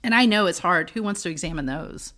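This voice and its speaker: A middle-aged woman with a fairly low voice shares personal stories on a casual faith podcast. She talks earnestly and breaks into laughter often. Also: lively intonation, brisk, a bit bright. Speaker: podcast co-host.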